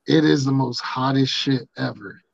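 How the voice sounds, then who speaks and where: A man's voice: mid-range voice, moderate pace, gravelly, dry recording. A man hosting a podcast in casual, rambling banter, laid-back and swearing freely, on dull lo-fi audio. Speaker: podcast host.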